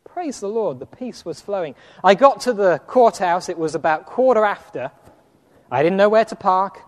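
High-voiced man telling a sermon story. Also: moderate pace, in a large hall. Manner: animated anecdote with acted quotes and laughter. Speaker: preacher.

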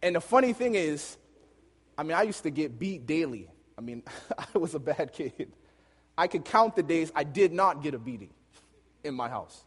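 A man preaching and telling a lively personal story, laughing often as he goes. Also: a little high, normal speed, breathy edge. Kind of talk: storytelling sermon. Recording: long hall reverb.

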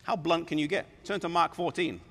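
A man preaching a sermon in an animated way, acting out scripture with voices. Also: a little high, a little fast. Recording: reverberant hall.

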